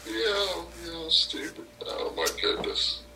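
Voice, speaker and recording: A man on a call with the podcast host, his partner, chatting casually in a slow, laid-back way. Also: on the high side, expressive, gravelly, crowd noise. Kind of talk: casual chat.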